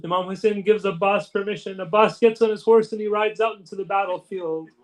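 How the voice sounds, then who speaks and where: A male preacher recounts a sacred story with solemn, emotional narration. His voice sits unusually high for a man, and the story unfolds at a steady sermon pace. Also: fairly quick, poor audio.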